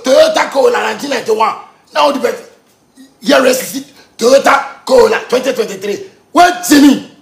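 A man with a Ghanaian accent delivering a heated ranting monologue, lurching between shouting and low muttering. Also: creaky, reverberant. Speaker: musician.

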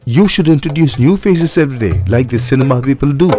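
An actor dubbing a scheming, smooth-talking male trader in beggars who speaks persuasively and deferentially, in an English film dub. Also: mid-range voice, animated, quick pace, close to an everyday voice. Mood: lecturing.

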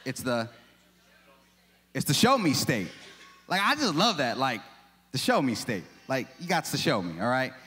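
A man's voice: medium pitch, big pitch swings, normal speed, pauses often, pushed and bright, husky. A man in his forties preaching a sermon, chatty and self-deprecating, with lots of rhetorical questions. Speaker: pastor. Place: church sanctuary. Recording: long reverb of a church hall.

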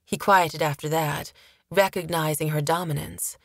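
Low-voiced woman narrating a fantasy audiobook. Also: creaky, no room sound, studio quality. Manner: steady, measured storytelling.

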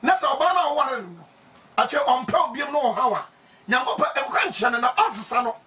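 A man with a Ghanaian accent preaching emphatically, laughing often and breaking into shouts. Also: extremely high pitch, lively intonation, fairly quick, distant mic. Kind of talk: animated preaching.

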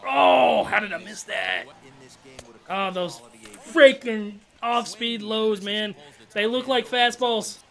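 A young man, commenting excitedly on his own video game at-bats, trash-talking and calling everyone "dog" and "bro". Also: high voice, takes it slowly. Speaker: gaming channel host.

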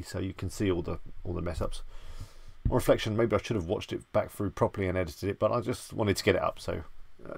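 A relaxed man with a low, gravelly voice hosts a live stream from a desk mic. He chats casually and greets viewers by name, with a self-deprecating touch. The sound is close and dry. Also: dry recording.

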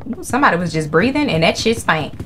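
Jumpy, excitable young woman gamer. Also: lowish voice, fast talker, a little hiss or hum. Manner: excitable, profane, jumpy reactions. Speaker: gaming channel host. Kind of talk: live horror game commentary.

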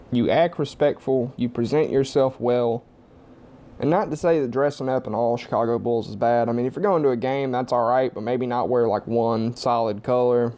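Blunt, profane man with a mellow voice. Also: mid-range voice. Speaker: vlogger. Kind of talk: opinionated casual monologue. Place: home, with a TV on.

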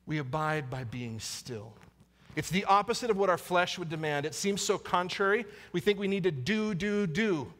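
A man's voice: high-pitched, a little fast, few pauses, fairly bright tone. A man, a pastor, preaching a sermon in an earnest way and repeating key lines for emphasis. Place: church sanctuary. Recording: long church hall reverb.

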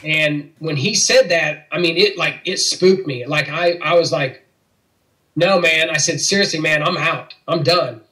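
A man's voice: fairly high pitch, unhurried, sharp tone, rough recording. Earnest middle-aged man telling his story. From Missouri. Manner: earnest storytelling, acts out quoted dialogue. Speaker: interview guest. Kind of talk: personal faith testimony.

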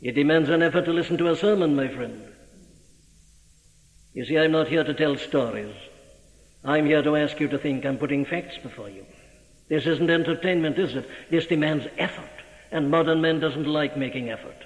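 Man preaching in a booming old hall recording. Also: moderate pace. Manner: emphatic, rhetorical questions to the listener. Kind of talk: sermon. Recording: dull old recording, long hall reverb.

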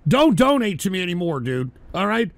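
A man hosting a livestream, ranting bitterly and profanely, with wild swings between shouted outbursts and tired, low muttering. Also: sing-song, brisk, creaky, a loud crowd. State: drinking, weary. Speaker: livestream host. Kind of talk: angry livestream rant.

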